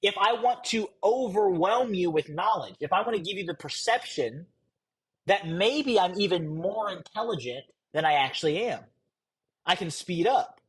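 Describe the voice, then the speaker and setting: Husky, lively young man coaching sales. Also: high voice. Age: young adult. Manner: deliberately shifts pace and tone, blunt and conversational. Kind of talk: teaching a live course session.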